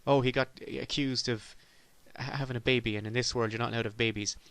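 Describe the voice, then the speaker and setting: A man voicing a calm, soothing male executioner from a science fiction film, speaking slowly and with false gentleness. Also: mid-range voice, no echo, natural voice. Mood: falsely soothing.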